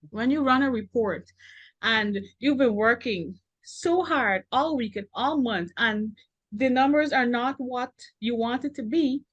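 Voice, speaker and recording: A woman from Guyana, a business owner answering interview questions in a frank, animated way, often stressing her words. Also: fairly high pitch, no room sound, highs cut off. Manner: animated and frank, laughing now and then, stressing key words. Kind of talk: earnest conversational interview answers.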